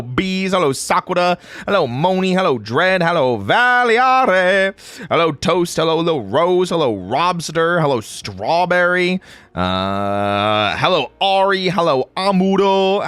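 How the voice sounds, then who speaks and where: A man's voice: fairly high pitch, fairly bright tone, dry recording. A young man hosting a livestream, joking and greeting his chat by name in a playful, casual way. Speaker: streamer host.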